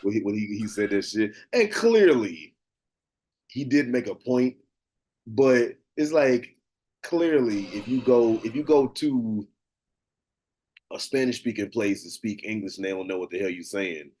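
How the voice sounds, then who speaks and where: Lively, rambling male podcast host. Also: lowish voice, a little slow. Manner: excitable, rambling, stumbles over words. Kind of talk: casual chat.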